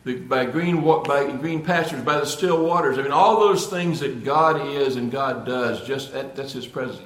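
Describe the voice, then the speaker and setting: A man's voice: medium pitch, normal speed, few pauses, fairly bright tone. A man preaching a sermon with earnest emphasis, often repeating and restarting phrases before building to emphatic points. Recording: echoey room.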